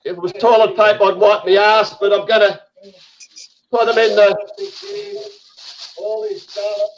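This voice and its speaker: A man hosts an online group chat, ranting with heated, profane energy. His voice sits high for a man. The sound is dull and lo-fi, like a webcam mic. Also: flat delivery, unhurried. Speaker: host.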